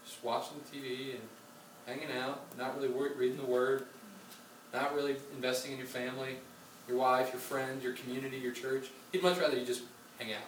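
A man's voice: medium pitch, flat delivery, brisk, a bit bright. Man, pastor, casual sermon, many fillers, echoey hall, distant mic, faint room hum. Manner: conversational preaching with many fillers and asides. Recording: roomy sound from a distant mic with faint ambience.

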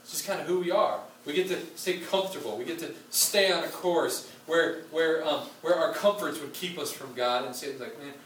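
A man's voice: on the high side, brisk, few pauses, fairly bright tone, a little hiss or hum. A man preaching a sermon in a conversational way, with frequent fillers and asides, recorded from a distance in a church hall. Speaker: pastor. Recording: roomy sound from a distant mic with faint ambience.

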